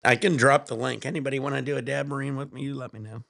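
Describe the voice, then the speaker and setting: A man's voice: mid-range voice, steady tone, fast, creaky, a bit bright, no echo, clean studio sound. A man streaming from home, chatting casually in a rambling, laid-back way with plenty of swearing.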